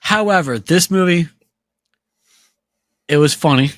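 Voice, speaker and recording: A man's voice: on the high side, a little slow, fairly bright tone, no echo, clean studio sound. A man co-hosting a podcast in casual, profane chat, laughing often and acting out movie scenes. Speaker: podcast co-host.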